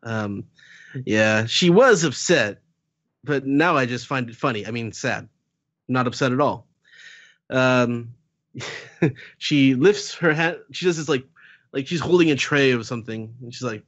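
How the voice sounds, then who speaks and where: A man's voice: medium pitch, animated, a little slow, pauses often, fairly bright tone, lo-fi sound. A man co-hosting a podcast in casual chat, amused and laughing often. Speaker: podcast co-host.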